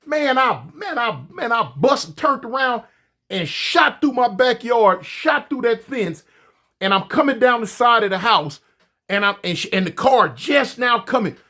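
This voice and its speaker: A man telling a story casually, animated and profane, often stammering and repeating himself. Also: very high voice, unhurried.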